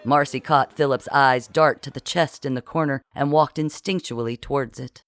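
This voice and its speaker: A narrator reading a comic adventure audiobook with an expressive, wry delivery. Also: mid-range voice, normal speed.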